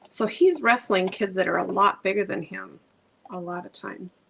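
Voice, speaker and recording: A woman's voice: medium pitch, moderate pace, vocal fry, a bit bright, a little hiss or hum, poor audio. A middle-aged woman, a craft channel host chatting casually while she paints, gushing storyteller with many ums.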